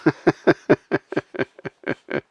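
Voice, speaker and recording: He draws out his words while hosting a casual livestream, earnestly addressing chat, calling out names and chuckling frequently through lots of ums and uhs. The recording is dry, with the highs cut off.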